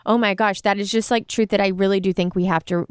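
A woman's voice: mid-range voice, fairly even intonation, quick pace, clear, resonant tone, no room sound, studio quality. A woman co-hosting a podcast, a supportive listener who affirms often and adds her own heartfelt thoughts. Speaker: podcast co-host. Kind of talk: conversational interview.

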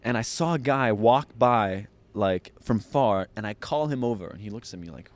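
A man's voice: lowish voice, moderate pace, hardly any pauses. A man guest on a podcast, telling a long story with laughs and acted-out dialogue. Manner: lively, laughs often, acts out others' lines. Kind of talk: animated storytelling.

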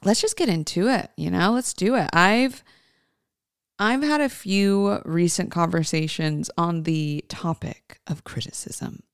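A woman's voice: fairly low pitch, measured pace, clean tone, dry recording, studio quality. A woman hosting her own podcast in a casual, chatty way, speaking informally to listeners as folks. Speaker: podcast host.

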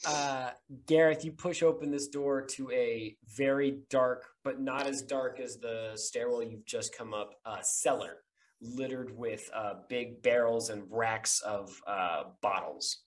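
A man narrating a tabletop game as game master, halting and full of fillers. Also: mid-range voice, fairly even intonation.

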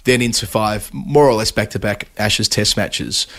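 A man co-hosting a cricket podcast, talking in a measured, analytical way. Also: lowish voice, fairly bright tone. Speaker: podcast co-host. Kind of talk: casual cricket chat.

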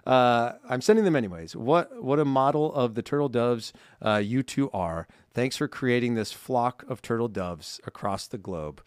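A man's voice: mid-range voice, normal speed, hardly any pauses, clean tone, dry recording, studio quality. A man co-hosting a holiday podcast, reading listener cards aloud in a chatty way and laughing often. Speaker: podcast co-host. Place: studio. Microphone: studio microphone.

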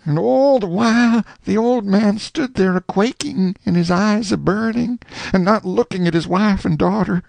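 A male audiobook narrator telling a story in a folksy, lively first-person style. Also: sits high, moderate pace, creaky, a little hiss or hum.

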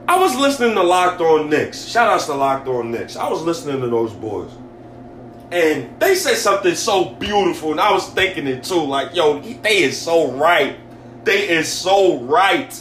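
A man's voice: high voice, a bit bright, roomy sound, slight background noise. A man hosting a sports podcast, ranting in a heated, exasperated way with casual slang and lots of repetition. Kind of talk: emotional sports rant.

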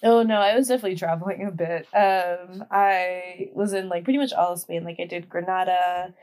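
A woman's voice: lowish voice, steady tone, a little fast, a little mellow. Chatty young woman guest, fillers galore. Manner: chatty, heavy use of "like" fillers. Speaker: podcast guest. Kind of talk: casual chat.

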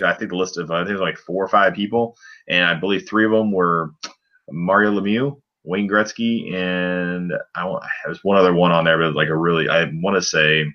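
A man with a very low voice talks through a hockey game on a casual podcast. He rambles, with many fillers and restarts. His tone is bright and forceful, and the recording sounds dull and lo-fi. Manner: rambling play-by-play recap with frequent fillers. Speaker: podcast co-host. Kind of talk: casual sports podcast chat.

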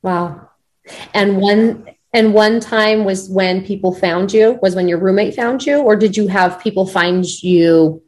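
A woman hosts an interview and asks her guest gentle, careful questions. Her voice is mid-pitched, and she answers her guest with short, affirming responses. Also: unhurried. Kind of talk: supportive interview.

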